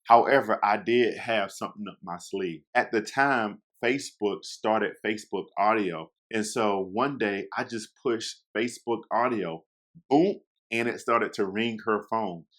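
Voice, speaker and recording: A young man with a fairly low voice tells his listeners a casual story at a measured pace. Chatty and animated, he slips into quoted lines and speaks directly to his audience.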